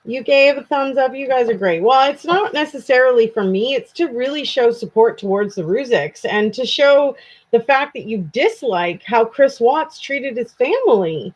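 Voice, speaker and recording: A woman's voice: on the high side, animated, normal speed. A tired woman from Canada hosting a casual true crime live stream, chatting with viewers in a self-deprecating way. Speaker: true crime channel host. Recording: dull lo-fi home stream audio.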